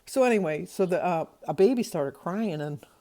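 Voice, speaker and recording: A chatty older woman rambles through her day in a casual vlog, her voice sitting low and sounding mellow. The recording is dry and close to the mic. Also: animated, moderate pace, dry recording. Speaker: vlogger.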